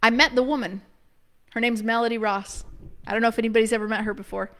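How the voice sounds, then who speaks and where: A woman with a bright, high voice tells a long personal story straight to her listeners. She talks in a loose, chatty rush, fills her sentences with "like," and drops into quick laughs as she acts out her own past remarks. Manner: animated, filler-heavy with frequent "like", quick laughs. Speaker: preschool business coach.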